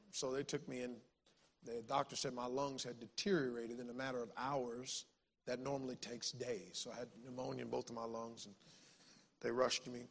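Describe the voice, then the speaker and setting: A man's voice: medium pitch, fairly bright tone, husky. A man, a pastor telling a personal story in a plain, conversational way. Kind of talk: sermon testimony. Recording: long reverb in a hall.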